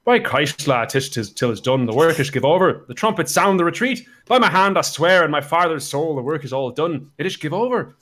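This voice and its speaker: A man's voice: on the high side, expressive, brisk, sharp tone. A man playing a hot-tempered, cursing army captain in a comic Shakespeare read-through over a voice call. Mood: blustering. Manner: blustering, swearing oaths, stumbling through lines.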